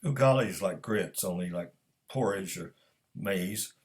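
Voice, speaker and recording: Story reading: a man doing a calm Nigerian cook, clipped and precise, low voice. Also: measured pace. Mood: explaining.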